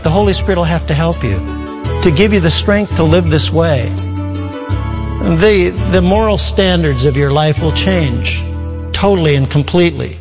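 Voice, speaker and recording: Man, pastor, animated sermon, fairly high voice, reverberant hall sound. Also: normal speed, over music. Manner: animated preaching, reading scripture aloud.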